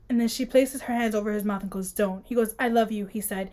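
A woman's voice: medium pitch, steady tone, fast talker, few pauses, darkish tone. A woman co-hosting a casual podcast, reading book passages aloud and joking, laughing often. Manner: reads dramatically, laughs often, playful. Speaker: podcast co-host.

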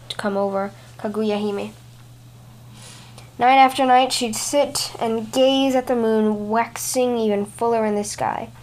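A woman's voice: a little high, darkish tone. Woman narrating a fairy tale. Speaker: storytelling podcast host. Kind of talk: scripted storybook narration.

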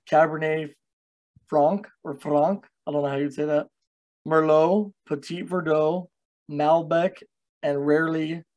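A man's voice: fairly high pitch, darkish tone. A young man hosting a casual podcast chat, loose and self-mocking, who swears freely. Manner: loose, swearing, laughs at himself.

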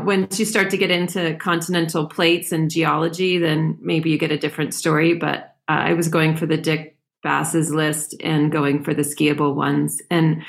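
A woman with a slightly low voice speaks as a guest in a casual interview. She is relaxed and chatty, with easy laughs running through her answers. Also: gravelly. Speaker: podcast guest, ski mountaineer.

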